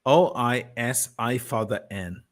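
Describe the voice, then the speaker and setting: An Irish man talking as a guest in a casual chat, telling stories in an animated way and swearing freely. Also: medium pitch, unhurried. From Ireland.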